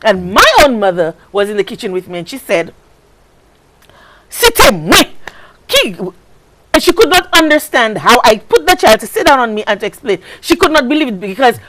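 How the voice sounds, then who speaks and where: A woman's voice: on the high side, sing-song, quick pace, few pauses. A woman with a Saint Lucian accent hosting a talk show, speaking with passion and repeating phrases for emphasis. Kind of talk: impassioned talk show commentary. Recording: noisy recording.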